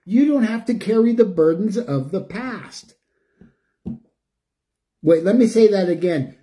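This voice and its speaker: An older man giving an emotional, preachy spiritual monologue, chanting repeated phrases and swinging between loud and hushed. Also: on the high side. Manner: preachy, repetitive, chanting lists. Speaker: spiritual speaker.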